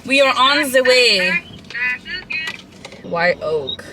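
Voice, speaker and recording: A young woman vlogging casually to a phone camera in her car, telling stories in a chatty, animated way. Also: on the high side, very slow, noisy background.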